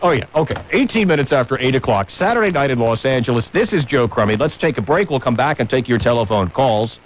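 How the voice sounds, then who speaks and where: A man hosting a talk radio show from a studio microphone, ranting with shouted mock outbursts. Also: medium pitch, lively intonation, quick pace, a little hiss or hum, low-quality recording.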